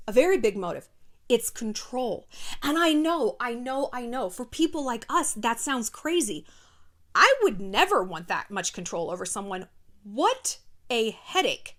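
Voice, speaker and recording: A woman hosting a video, giving casual advice in an animated, sardonic way and swearing freely. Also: fairly high pitch. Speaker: video host.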